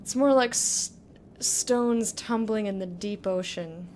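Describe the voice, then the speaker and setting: A woman's voice: mid-range voice, slow pace, a little mellow, a little hiss or hum. A young woman giving casual commentary while playing a game for the first time, chatty, restarting her sentences and poking fun at herself. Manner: chatty, restarting, self-mocking. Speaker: gamer playing blind. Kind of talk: casual let's-play commentary.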